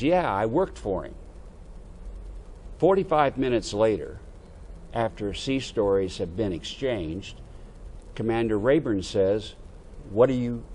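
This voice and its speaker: Older guy, kinda low voice, telling an old navy story, bit of room hiss. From United States. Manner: animated anecdote-telling with quoted dialogue. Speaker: veteran interviewee. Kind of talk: oral history storytelling.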